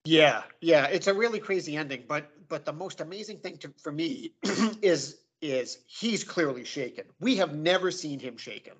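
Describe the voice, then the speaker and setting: Male guest, casual chat, reflective and searching for words, a bit higher-pitched. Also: animated, normal speed, a bit bright, slightly rough. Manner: thoughtful, many "like" and "um" fillers. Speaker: podcast guest. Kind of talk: casual podcast discussion.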